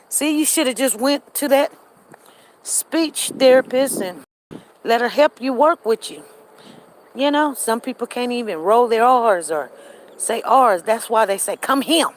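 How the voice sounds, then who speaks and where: A woman vlogging on an outdoor walk, telling stories in a chatty, animated way and talking straight to her viewers. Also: fairly high pitch, a little hiss or hum, poor audio. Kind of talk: casual storytelling to viewers.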